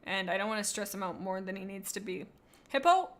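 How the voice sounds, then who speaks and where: A young adult woman streaming, chatting casually in a rambling, excitable way as she gushes about cute animals. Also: mid-range voice, a little fast. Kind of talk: casual livestream chat.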